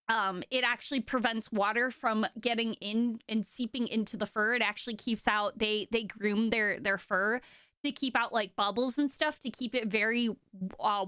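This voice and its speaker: A woman's voice: a little high, pushed and bright, clear, resonant tone, no room sound, clean studio sound. A young woman giving a casual, chatty lesson about animals, full of fillers and enthusiastic asides. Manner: reads and answers chat questions. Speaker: streamer teaching about sea otters. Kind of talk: casual educational talk.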